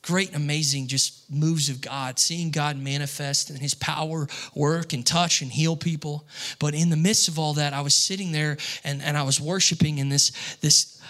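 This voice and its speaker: A man's voice: fairly high pitch, moderate pace. Young male preacher telling a story. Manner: storytelling, grows excited and loud when acting out scenes. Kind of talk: sermon.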